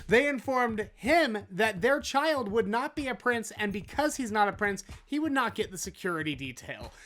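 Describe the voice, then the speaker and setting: A woman's voice: medium pitch, fairly bright tone. A woman hosting a comedy news show, ranting sarcastically and mocking the people in the stories.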